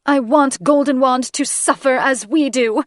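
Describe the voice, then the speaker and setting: A woman's voice: a little high, lively intonation, moderate pace, dry recording, studio quality, pitched above the performer's own voice, lightly acted. A woman voicing a grieving dragon queen mother who speaks shrilly and demands answers. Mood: anguished, demanding.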